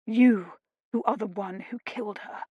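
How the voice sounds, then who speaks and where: A woman voicing a bitter, grieving gentleman who speaks coldly and clipped. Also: mid-range voice, unhurried, breathy edge, dry recording, dull audio. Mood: cold anger. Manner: cold, clipped.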